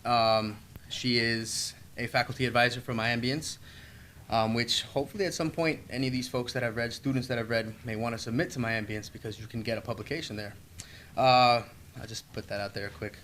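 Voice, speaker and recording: A man hosting a campus reading event, introducing the next speaker in a loose, casual way that is full of halting fillers. His voice sits at a middle pitch, with faint background noise. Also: a bit bright. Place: campus writing center event.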